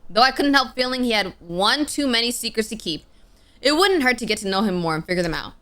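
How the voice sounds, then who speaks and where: A woman's voice: a little high, fast. A young woman streamer reading a game story aloud with dramatic flair and playful casual asides. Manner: expressive, with sudden playful outbursts.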